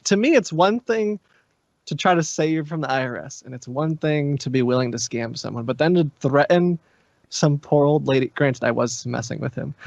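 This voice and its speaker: A man's voice: mid-range voice, no echo, dull audio. Laughing, storytelling man on a podcast. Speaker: podcast guest, prank caller. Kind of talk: casual podcast chat.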